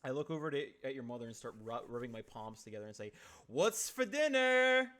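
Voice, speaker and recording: A man's voice: mid-range voice, very fast. Casual profane male streamer. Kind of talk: improvised comedic role-play.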